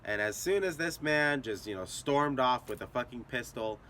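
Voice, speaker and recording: Young man, casual storytelling vlog, profane, rambling, bright voice. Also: mid-range voice, lively intonation, normal speed, slight background noise. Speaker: storyteller and channel host.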